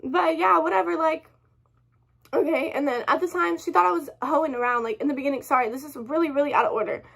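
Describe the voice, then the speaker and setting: High-voiced young woman ranting, upset. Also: fast talker, a bit bright. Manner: rambling, heavy swearing, apologizes often. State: upset, close to tears. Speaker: vlogger. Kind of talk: emotional storytime rant.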